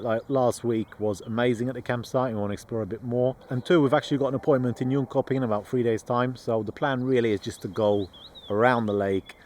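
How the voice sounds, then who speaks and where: Outdoors on a road trip, a travel vlogger chats casually and playfully, joking about his own pronunciation. His voice is medium-pitched and a little mellow.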